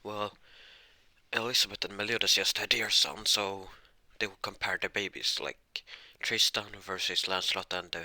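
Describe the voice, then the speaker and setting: A man narrating an improvised fan-fiction story, halting with many restarts and self-corrections. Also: on the low side, steady tone, bright, forceful tone, dry recording.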